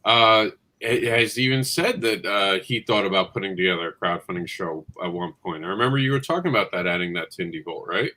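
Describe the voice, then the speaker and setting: Animated man hosting a livestream chat. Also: low-pitched, brisk. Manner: animated, impassioned, talks over others. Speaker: livestream show host. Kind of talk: casual panel chat.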